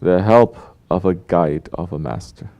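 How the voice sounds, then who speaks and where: A man's voice: sits low, measured pace, gravelly, warm tone, dull audio. A man teaching a spiritual talk as a Sufi teacher, emphatic and full of rhetorical questions. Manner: rhetorical questions, emphatic, mocking quoted apologies. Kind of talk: sermon.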